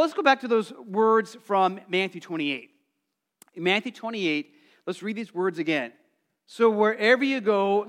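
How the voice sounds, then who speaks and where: Middle-aged male pastor, high and animated, chatty sermon delivery. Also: clean tone. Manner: conversational, animated, acts out quotes; calls for congregation responses.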